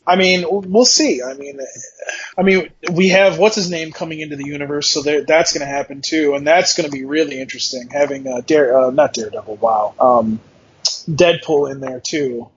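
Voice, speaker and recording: A man with a somewhat high voice chats eagerly on a casual podcast, swearing freely and retelling his own reactions. The recording is dull and lo-fi, with faint background noise. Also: moderate pace. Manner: enthusiastic, profane, quotes himself. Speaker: podcast co-host.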